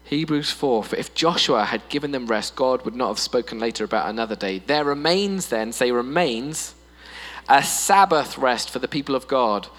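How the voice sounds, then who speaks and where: Male pastor, sermon, playful, lively pitch, long hall reverb, mains hum. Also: normal speed, hardly any pauses. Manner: animated, playful, mimics voices for humor. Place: church hall.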